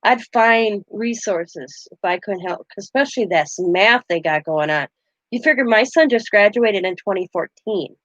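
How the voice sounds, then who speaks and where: A woman's voice: mid-range voice, normal speed, no room sound, dull audio. Chatty middle-aged woman telling a story. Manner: chatty, animated, laughs through her story. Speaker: crafting channel host. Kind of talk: casual storytelling.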